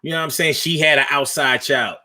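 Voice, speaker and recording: A man hosting a casual, profane storytelling monologue in loose conversational talk, with pauses as he searches for words. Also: fairly high pitch, steady tone, bright, forceful tone.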